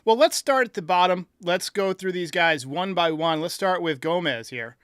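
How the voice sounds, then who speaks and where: Bright, high-voiced male podcast host. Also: lively intonation, normal speed, slight background noise. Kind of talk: casual sports podcast talk.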